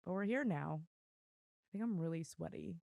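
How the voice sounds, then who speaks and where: Hoarse woman podcast host, gravelly, dry close sound, rambling self-deprecating chat. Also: fairly low pitch, animated, normal speed, darkish tone, dry recording. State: losing her voice. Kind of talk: casual chat. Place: room at home with dogs. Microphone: desk mic on video.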